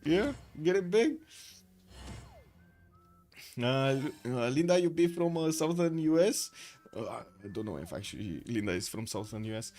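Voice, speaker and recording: A man's voice: mid-range voice, lively intonation, brisk, a little mellow. A man casting a live strategy game stream in a loose, rambling way, chatting and reading out viewer messages. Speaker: stream caster. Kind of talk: live casual game commentary.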